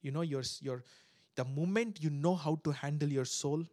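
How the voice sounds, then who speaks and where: Man, pastor, sermon, fairly high voice, loud bursts, hushed prayer, acts out voices. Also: moderate pace, no room sound. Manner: swings from loud preaching to hushed prayer and tongues; acts out voices in his stories. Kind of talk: sermon to a live and online congregation.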